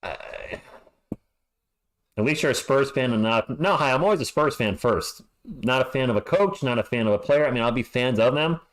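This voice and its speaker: A frustrated man calls the game for his fan stream, swinging between flat stat-reading and sharp exasperated outbursts. His voice sits mid-range for a man, and he trips over his words when worked up. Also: mid-range voice, normal speed. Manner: exasperated, ranting, stammers when upset. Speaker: fan livestream host giving play-by-play. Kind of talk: fan play-by-play commentary.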